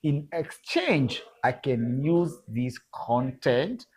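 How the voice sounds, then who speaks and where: A Kenyan man, a guest photographer in a casual interview, speaks emphatically, repeats words and calls the listener "bro." His medium-pitched voice has big pitch swings and a darkish tone, and he takes it slowly.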